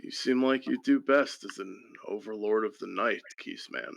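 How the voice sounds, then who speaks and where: A man doing a solemn, halting hero. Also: fairly low pitch, creaky, no echo.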